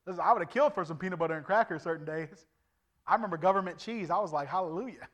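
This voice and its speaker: A middle-aged man preaching his testimony as an evangelist, animated and swinging from loud to hushed. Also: sits high, racing. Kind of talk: testimony sermon.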